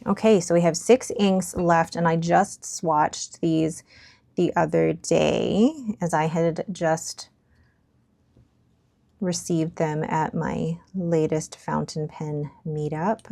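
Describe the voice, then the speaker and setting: Woman, young adult, casual review chat, mellow and a little gravelly, very dry close sound. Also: deep voice, fairly even intonation, takes it slowly, no room sound. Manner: chatty, musing, drops to near whispers at times. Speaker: stationery vlogger. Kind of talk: casual ink swatch review.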